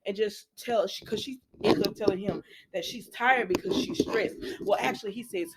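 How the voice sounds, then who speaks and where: Over heavy background noise, a woman with a medium-pitched voice casually recaps soap operas at a normal speed. She's chatty and lively, speaking right to her viewers as y'all, tossing in frequent asides, and acting out quoted lines with laughs.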